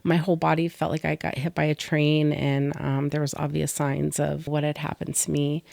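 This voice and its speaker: Low, flat and gravelly at a normal pace, with no room sound, this middle-aged woman co-hosts a podcast. She's candid and soft-spoken as she recounts a personal story, whispering through the painful parts.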